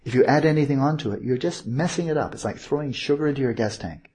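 A man with a deeply husky, breathy voice delivers a meditation teaching at a mid-range pitch. He wanders and corrects himself mid-sentence, then drives points home with rhetorical questions. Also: fast, darkish tone. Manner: digressive, self-correcting, asks rhetorical questions. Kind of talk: informal Buddhist teaching talk.

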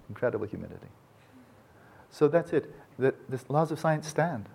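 A man's voice: medium pitch, lively intonation, brisk, creaky, a little mellow, breathy edge. A man giving an informal, digressive lecture, often restarting his sentences and talking with enthusiasm. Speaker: speaker on Buddhism and science.

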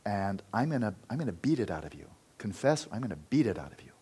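A man voicing a furious, frightened male gem cutter who accuses someone in a panic, with a low, breathy voice. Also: big pitch swings, quick pace, mellow, heavily acted. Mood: panicked, accusing.

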